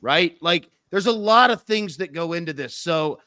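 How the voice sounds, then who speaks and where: A man co-hosting a sports betting show, talking emphatically and fast, leaning on words like "literally" as he pitches. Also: expressive, bright, forceful tone, clean tone, dry recording, clean studio sound. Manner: fast, emphatic, repeats 'literally'. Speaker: co-host. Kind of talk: excited sales pitch and betting talk.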